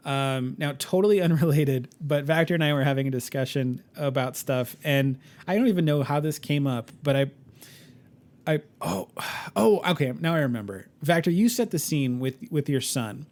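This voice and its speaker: A man's voice: a little high, lively intonation, moderate pace, a little mellow. A man co-hosting a podcast in casual chat, enthusiastic, laughing often and stumbling over fillers and restarts. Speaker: podcast co-host.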